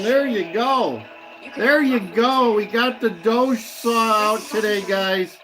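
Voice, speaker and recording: A man with a high-sitting voice speaks slowly over some background noise. He's hosting a casual livestream, rambling as he chats with live viewers, laughing often and repeating a catchphrase.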